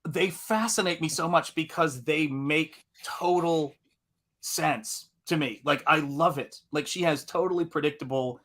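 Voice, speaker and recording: A man hosting a live stream in casual chat, animated and laughing often, speaking in a General American accent. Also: fairly high pitch, unhurried. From United States. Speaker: livestream host.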